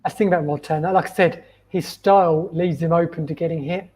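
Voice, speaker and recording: A man who coaches fighters, co-hosting a live watch-along and calmly breaking down the action. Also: fairly high pitch, fairly quick, slight background noise, low-quality recording. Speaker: co-host and coach. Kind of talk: casual live fight commentary.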